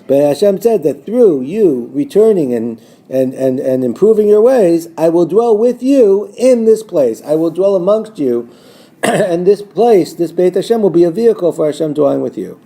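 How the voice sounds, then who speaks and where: A male teacher giving a recorded lesson on a biblical text, reading Hebrew verses slowly and translating them line by line. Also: animated, warm tone. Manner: rises in pitch when quoting the false prophets' words.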